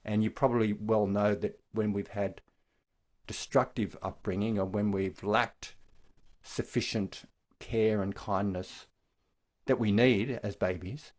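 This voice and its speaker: Older man giving a gentle dharma talk. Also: fairly low pitch, fairly even intonation. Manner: gentle, unhurried explaining. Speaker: meditation teacher. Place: online talk from home.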